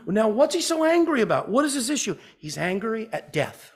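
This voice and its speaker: A pastor preaches a sermon in a very high, sing-song voice at a moderate pace. He asks the congregation questions, swinging from loud, urgent emphasis to a hushed softness.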